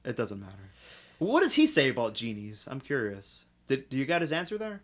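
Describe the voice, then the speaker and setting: A man's voice: medium pitch, huge pitch swings, fairly quick. A man co-hosting a comedy podcast, chatting casually in a crude, profane, dismissive way. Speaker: podcast co-host.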